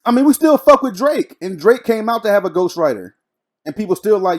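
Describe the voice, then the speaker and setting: A man co-hosting a podcast in a relaxed, slangy way, often restarting his sentences. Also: high voice, a little fast. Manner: laid-back, slangy, hesitant restarts. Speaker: podcast co-host. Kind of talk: casual chat.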